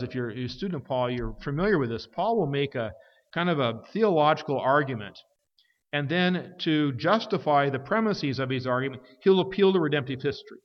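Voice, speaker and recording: Male preacher, kinda high voice, emphatic, long church echo, muffled audio. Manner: emphatic, rising to forceful peaks then dropping low. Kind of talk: sermon. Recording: dull sound with long hall reverb.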